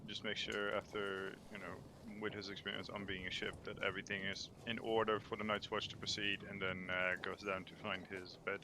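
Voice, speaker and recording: A man playing a tabletop game over voice chat, calmly explaining what his character does. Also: fairly low pitch, a little fast, hardly any pauses, background noise. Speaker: player. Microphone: computer mic on voice chat.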